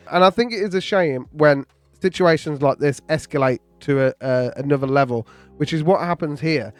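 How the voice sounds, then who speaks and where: A man's voice: fairly high pitch, fairly quick, soft background music. A British man giving casual, opinionated commentary on a video clip, laughing along now and then. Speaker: commentary host. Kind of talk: reaction commentary.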